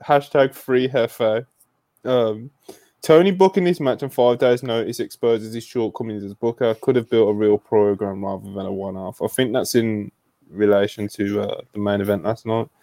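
Chill guy running a wrestling podcast, mellow dry voice, super casual. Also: on the low side, steady tone, normal speed, no echo. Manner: laid-back, loose, filler-heavy, reads viewer messages. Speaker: podcast host.

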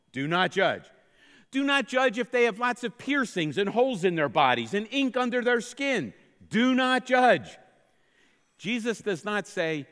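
A man preaching a sermon, playful and lively, leading the congregation in call-and-response. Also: sits high, a little slow, big-room sound. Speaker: pastor.

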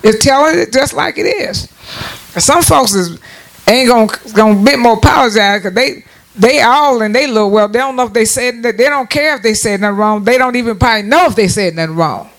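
A woman's voice: a little high, a little fast. A woman in her sixties giving a casual preaching talk to her viewers. She is emphatic, repeats her words and restarts often, and her voice jumps up on the points she wants to stress. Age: 60s. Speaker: church speaker addressing viewers.

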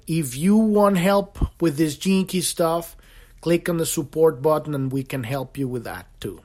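A man's voice: a little high, darkish tone. A man hosting a solo spiritual podcast, talking in an impassioned and repetitive way and swearing freely. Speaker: podcast host.

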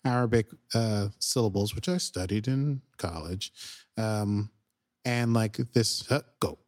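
Brief: young male podcast co-host, eager and animated, slightly low voice, acts out scenes as he recaps. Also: unhurried. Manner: excitable, acts out the characters' lines. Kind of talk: casual chat recapping an episode.

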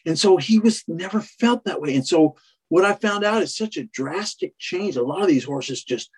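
Brief: rambling male horse trainer, husky and a little high, casual storytelling. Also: lively intonation, moderate pace. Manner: rambling, with many restarts and "you know".

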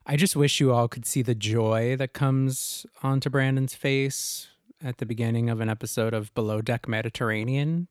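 A man co-hosting a casual podcast, animated and playful, often acting out little quotes. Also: lowish voice, no room sound, studio quality. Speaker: podcast co-host. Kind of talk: casual podcast chat about astrology.

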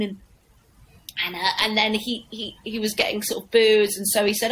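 A woman's voice: fairly high pitch, fairly quick, a little hiss or hum, low-quality recording. A woman comedian telling an anecdote in a casual interview, acting out the people she describes. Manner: lively storyteller acting out voices. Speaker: comedian guest.

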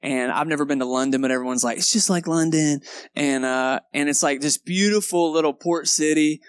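A man's voice: mid-range voice, fairly quick, smooth, no echo. A young adult male pastor with a Texan accent, telling a story in his sermon and acting out the moments with energy. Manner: animated storyteller, acts out moments, laughs at himself. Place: church sanctuary.

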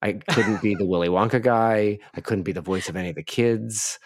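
Low-voiced Australian man. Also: fairly quick, noisy background. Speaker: guest player. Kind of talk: casual game chat.

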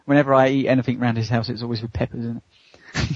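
Answering interview questions, this co-host from the United Kingdom, a man in his thirties, laughs a lot and voices the characters in his personal story. He talks fast at medium pitch with a level tone, and the audio is dull with no room sound.

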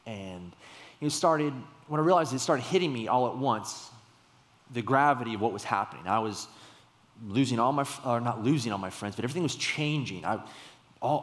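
A man's voice: mid-range voice, lively intonation, a little fast. A young man gives a sermon in a casual, storytelling way, his voice sitting in the middle of the male range. He breaks into sudden emphatic bursts now and then. Long reverb from a church hall trails behind every word. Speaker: pastor.

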